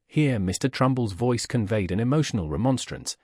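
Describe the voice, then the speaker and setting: A man reading a classic novel aloud as an audiobook narrator, in a measured, expressive way. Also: medium pitch, dry recording, clean studio sound. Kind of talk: scripted narration.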